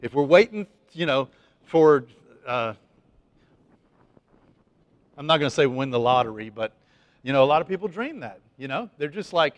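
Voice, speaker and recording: A man's voice: a little high, animated, moderate pace, pauses often, no room sound. A man preaching a sermon to his congregation in a loose, conversational way, full of asides, fillers and restarts. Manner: chatty, folksy, lots of fillers and restarts. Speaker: pastor.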